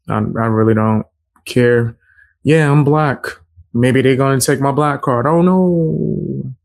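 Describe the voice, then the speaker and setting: A man hosting a reaction video, talking casually and sarcastically with laughs between his points. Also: medium pitch. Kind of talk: casual commentary.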